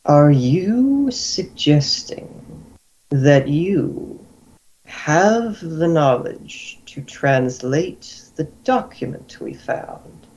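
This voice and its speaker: A man voicing a calm, calculating male assassins' guildmaster in a tabletop game, speaking slowly in a measured, half-whispered way. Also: fairly high pitch, full character voice, poor audio. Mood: menacing.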